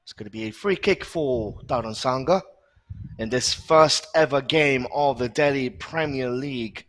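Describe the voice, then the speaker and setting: A man commentating a live football match, calling play-by-play briskly with short filler pauses. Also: mid-range voice.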